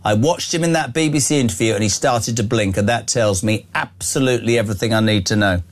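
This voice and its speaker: A man's voice: on the low side, fast talker. A man hosting a phone-in radio show, reading out listener messages in a blunt, emphatic, matey way. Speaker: radio talk show host.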